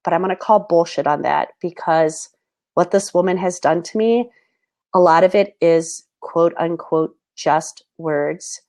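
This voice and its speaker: A woman's voice: fairly low pitch, a little mellow. Earnest woman host, holding back tears. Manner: earnest, halting, many fillers. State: close to tears. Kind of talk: personal talk to camera.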